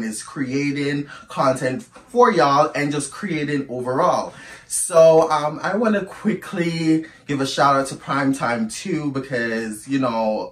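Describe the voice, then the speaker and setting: A man's voice: medium pitch, far from the mic. A man chatting expressively to his viewers in a casual storytime monologue. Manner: chatty and expressive, calls listeners "girl". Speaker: storytime YouTuber. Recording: roomy echo, away from the mic.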